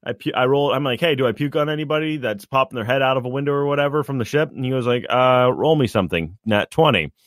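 A man telling a tabletop game story in a casual chat, animated and acting out his character's shouted lines. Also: mid-range voice, quick pace, few pauses, dry recording, studio quality.

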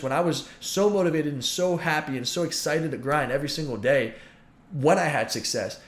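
Fast-talking frustrated young man venting. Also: a little high, echoey room. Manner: frustrated, venting, emphatic repetition. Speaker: YouTuber and pro gamer. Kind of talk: emotional vlog monologue.

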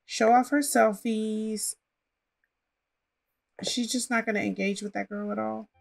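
A woman's voice: on the high side, fairly even intonation, measured pace, vocal fry. A woman casually commenting on her life-simulation gameplay and chatting to her characters as she plays. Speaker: gaming channel host.

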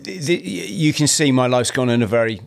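A man's voice: mid-range voice, moderate pace. Rambling English man telling stories. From South-East London. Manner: rambling, animated, swears, many restarts. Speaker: podcast guest. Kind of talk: casual storytelling.

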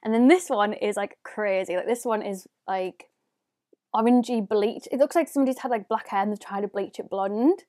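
A woman's voice: mid-range voice, moderate pace, mellow. A woman, chatting casually and rambling as a beauty vlogger showing off her presents. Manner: chatty, rambling, lots of "like" fillers. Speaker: beauty YouTuber. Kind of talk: casual unboxing vlog.

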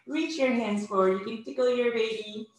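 A woman's voice: fairly high pitch, moderate pace, a little hiss or hum. A woman fitness instructor leading a home workout class, cueing breathing and movement step by step with encouragement. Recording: very echoey room.

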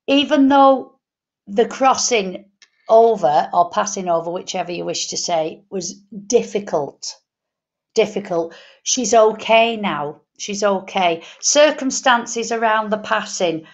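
A woman's voice: medium pitch, slow, highs cut off. A woman medium on a live show, passing on spirit messages in a homely way and repeating key phrases. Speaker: psychic medium co-reader. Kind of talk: live online reading show.

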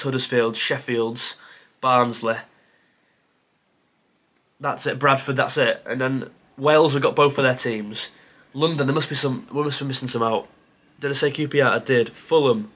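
A man talking himself through a timed quiz, half muttering and often sighing. His pitch sits at an ordinary middle level, and he pokes fun at himself between answers. It sounds like a casual creator video. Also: fairly bright tone. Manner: mutters to himself, sighs, self-deprecating. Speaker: football content creator. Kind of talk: thinking aloud during a timed quiz.

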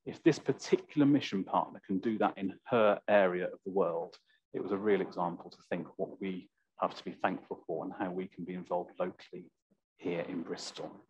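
A man preaching a sermon in church, slow and reflective, with a slightly croaky voice. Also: sits low, a little mellow, no room sound. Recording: dull, lo-fi church recording.

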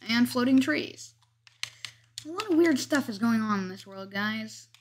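A woman's voice: a little high, animated, unhurried, a little hiss or hum. A woman chatting casually as she narrates her gameplay, commenting on every move and joking about herself. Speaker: gameplay video host.

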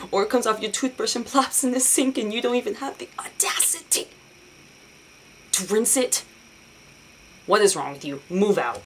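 A woman's voice: mid-range voice, poor audio. Profane, sarcastic young woman ranting. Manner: sarcastic, profane and animated, mocking others in put-on voices. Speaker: vlogger. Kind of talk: casual ranting vlog.

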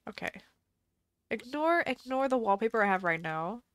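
A woman's voice: on the high side, lively intonation, normal speed, a bit bright, dry recording. A woman streamer chatting casually on a live game stream, thinking aloud and musing indecisively as she plays.

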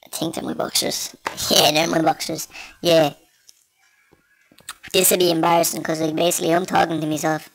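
A man's voice: fairly high pitch, level tone, moderate pace, vocal fry, long pauses, fairly bright tone, no echo. A man with a Dublin Irish accent rambles through casual gameplay commentary into a small desktop microphone, cracking crude, self-mocking jokes. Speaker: gamer.

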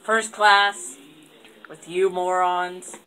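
A woman's voice: fairly low pitch, little pitch movement, very slow, bright, forceful tone, slight background noise, exaggerated voice, poor audio. A woman voicing a mean, sarcastic male schoolteacher who sneers at his class. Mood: sneering. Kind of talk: fan puppet comedy acting.

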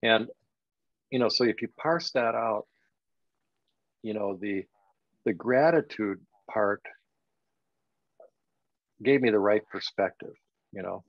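An older man tells a personal story on a podcast, pausing often and leaning on "you know" as he reflects. His voice sits low and gravelly, with a creaky edge. The recording is dry and a little dull, like a basic lo-fi setup. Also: no room sound. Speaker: guest.

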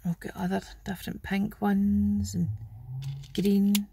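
A woman's voice: medium pitch, flat delivery, takes it slowly, gravelly, dark tone, slightly rough. A Scottish woman chatting homely and casually as she shows off her craft haul. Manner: chatty and homely, fond of 'wee'. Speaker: craft channel host. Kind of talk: casual show-and-tell haul video.

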